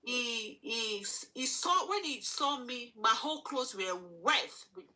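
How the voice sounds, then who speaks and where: A woman talks as an interview guest. Her voice sits high and sounds clear and bright. She speaks earnestly and haltingly, circling back over her own phrases. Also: lively intonation, rough recording. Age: 40s. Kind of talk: emotional personal testimony.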